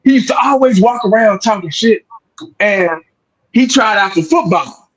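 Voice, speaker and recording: A man with a notably high speaking voice talks sports in a loose, heated way. He is emphatic and profane, repeats himself, and caps his points with 'man'. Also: moderate pace, low-quality recording. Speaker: sports show host. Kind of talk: casual sports talk.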